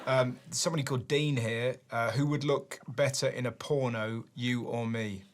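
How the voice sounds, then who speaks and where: A man hosting a comedy chat, giggling through quick banter and reading out questions. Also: medium pitch, fairly even intonation. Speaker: host. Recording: noisy recording.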